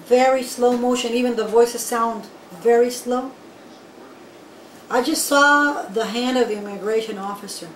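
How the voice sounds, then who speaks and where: A woman from Guatemala, telling her own story in an interview in an animated, emphatic way and speaking straight to the listeners. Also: fairly high pitch, measured pace. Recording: echoey room, voice from far off, faint background noise.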